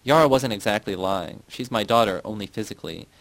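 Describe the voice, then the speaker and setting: A man's voice: lowish voice, brisk, no echo, lightly acted. A man reading the lines of a proud, scheming woman who speaks cryptically, in an audiobook. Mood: sly.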